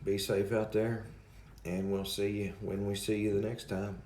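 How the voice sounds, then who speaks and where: A man chats loosely with his livestream audience, wandering from point to point and greeting people by name. His voice sits a little low. The sound is roomy and echoey. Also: little pitch movement, unhurried, dark tone, a little hiss or hum. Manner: rambling, addresses chat by name. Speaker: livestream host. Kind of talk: casual chat with viewers.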